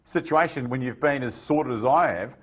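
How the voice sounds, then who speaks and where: Man, podcast host, animated storyteller, casual chat. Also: medium pitch, a little fast.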